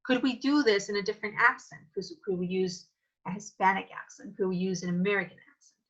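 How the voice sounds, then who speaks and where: A woman teaching an acting lesson in a thoughtful, casual way, pausing often with fillers. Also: medium pitch, a bit bright, muffled recording. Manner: thoughtful, many filler pauses. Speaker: drama teacher.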